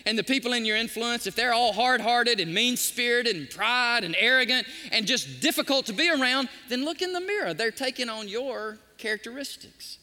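Animated preacher in a reverberant hall. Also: male voice, very high voice, moderate pace, hardly any pauses. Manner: animated preaching, sometimes softly sings hymn lines. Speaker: pastor. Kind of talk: sermon.

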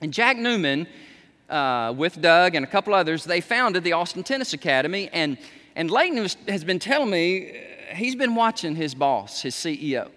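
A pastor preaches a sermon in a church sanctuary, his high, sing-song voice moving at normal speed. He stresses key words emphatically, rising almost to shouts on them. The long reverb of a large hall fills the recording.

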